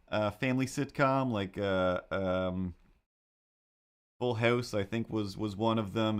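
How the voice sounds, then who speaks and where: A man animating on a live stream, chatting casually to viewers in a rambling, easily sidetracked way with excitable asides. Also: on the low side, smooth. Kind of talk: casual livestream chat while animating.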